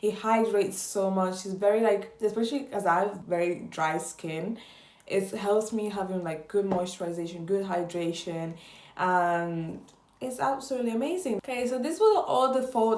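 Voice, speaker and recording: A woman's voice: mid-range voice, roomy sound. A woman vlogging casual beauty product reviews in a gushing way, repeating her words for emphasis.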